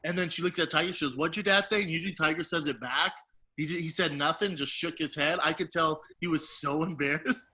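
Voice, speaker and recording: Man, bright ringing voice, slightly high, casual podcast chat, acts out quotes. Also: a little fast. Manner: animated storyteller, acts out quotes. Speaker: podcast co-host; father.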